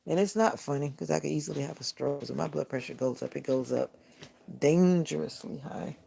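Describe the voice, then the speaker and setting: A man's voice: on the high side, fairly quick, creaky, noisy background. A man hosting a casual morning live stream from home, rambling and chatty, often correcting himself mid-sentence. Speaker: live stream host and content creator. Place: at home in the morning, near a window with bird feeders.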